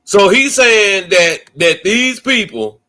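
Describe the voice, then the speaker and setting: A man's voice: high-pitched, lively intonation, slow, pushed and bright. A man hosting a reaction commentary, heated and profane, stumbling over repeated words. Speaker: commentary host.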